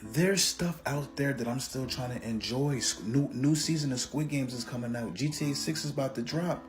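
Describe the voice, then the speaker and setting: A man's voice: mid-range voice, normal speed, soft background music. A man doing a comedic, profane casual rant with exaggerated jokes.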